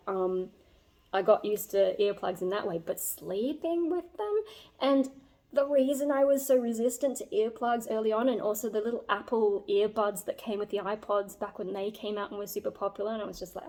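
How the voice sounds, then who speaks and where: Mellow-voiced young woman vlogging. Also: medium pitch. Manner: rambling, frequent fillers, earnest and self-reflective. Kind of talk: casual personal storytelling.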